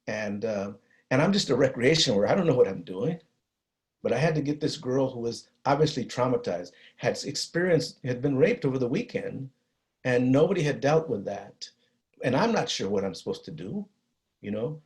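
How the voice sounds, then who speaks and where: A middle-aged man with a Chicano East Los Angeles accent, telling a personal story in a talk, earnest and halting, with many restarts and Spanish phrases. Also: medium pitch, animated, a little mellow. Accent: Chicano English from East Los Angeles. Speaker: guest speaker on violence prevention.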